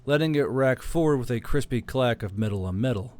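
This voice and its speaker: A man's voice: mid-range voice, animated, a little fast, darkish tone. Man narrating a story.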